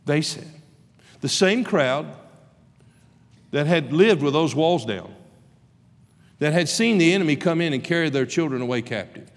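A man preaches with emphatic passion, his fairly high voice ringing out through a large chapel. Long reverb trails after each phrase. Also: animated, normal speed, pauses often. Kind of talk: sermon. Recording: reverberant hall.

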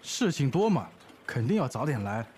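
A man playing a flattered office boss in a recorded language-lesson dialogue, answering praise with modest, good-humored replies. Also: medium pitch, normal speed, slight background noise, natural voice. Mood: pleased.

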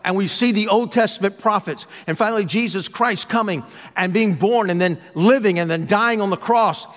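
A pastor preaching a sermon in a conversational, joking way, with playful asides. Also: male voice, sits high, normal speed, a bit bright, long reverb tail.

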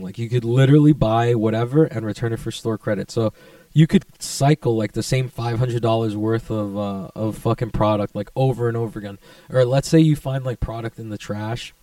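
Young guy just rambling to camera, swears a lot, mellow dark voice, kinda far from the mic, dry room. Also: on the low side, dry recording. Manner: profane, laid-back, chatty with sudden excited jumps. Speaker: vlogger. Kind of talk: casual rambling monologue.

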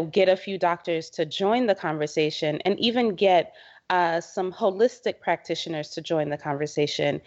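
A woman's voice: fairly low pitch, a little mellow. A middle-aged woman speaking as a podcast guest who leads a women's health organization, earnest and conversational, acting out quotes as she talks. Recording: slightly dull, muffled podcast audio.

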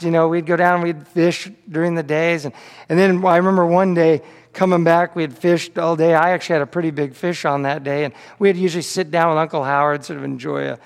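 A man's voice: fairly high pitch, creaky, in a large hall. A man pastor delivering a sermon, telling a story with frequent repeated words on restarts.

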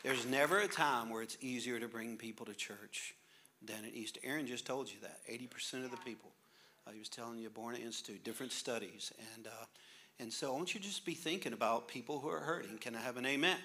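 A man's voice: mid-range voice, fast talker, pushed and bright, a little hiss or hum. A male pastor preaching a sermon with humorous stories, jokey and laughing through his lines.

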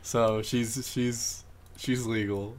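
A man's voice: mid-range voice, flat delivery, very slow. A young man co-hosting a casual podcast, wry and dry. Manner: dry, wry, reads titles aloud. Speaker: podcast co-host. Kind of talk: casual chat.

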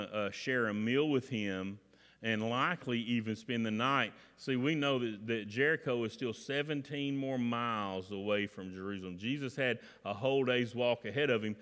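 A man preaching a sermon as pastor in a church, in folksy preacher talk that builds from quiet prayer to shouted preaching. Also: mid-range voice. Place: church sanctuary. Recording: long reverb in a church hall.

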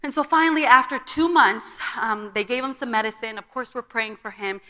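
A woman's voice: a little high, brisk, bright, forceful tone. A young woman giving a personal testimony at a church conference, telling her story and acting out the dialogue. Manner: storytelling, acts out quoted dialogue. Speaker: conference speaker. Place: church auditorium. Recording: long reverb of a large hall.

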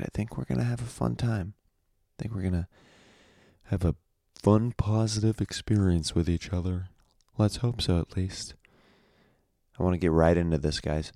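Brief: young male podcast host, groggy morning voice, slangy and easygoing, dark tone. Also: sits low, no echo, clean studio sound. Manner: laid-back, slangy, greets listeners. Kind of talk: casual podcast chat.

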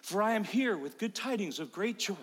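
A man's voice: high-pitched, expressive, a little fast, background noise. A man voicing a solemn female angel who speaks in old-fashioned proclaiming words. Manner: archaic, proclaiming. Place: church. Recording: long church reverb.

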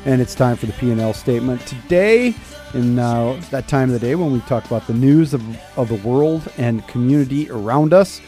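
A man's voice: mid-range voice, lively intonation, a little fast, warm tone, soft background music. Chatty radio host man in his fifties. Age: 50s. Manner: chatty, self-interrupting, wry. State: slightly scratchy throat. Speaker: radio talk show host. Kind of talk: casual talk radio. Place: radio studio. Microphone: studio microphone.

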